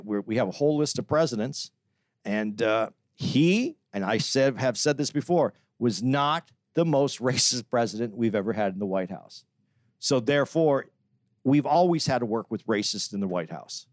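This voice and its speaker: Podcast guy arguing his point, middle pitch, dry close mic, lots of restarts. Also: dry recording. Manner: opinionated, talks at length with restarts. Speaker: podcast co-host. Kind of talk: casual chat.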